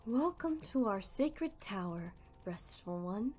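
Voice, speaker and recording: A woman reading aloud the lines of welcoming temple cats in a game, in a formal, measured way. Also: mid-range voice, animated, darkish tone, faint music behind.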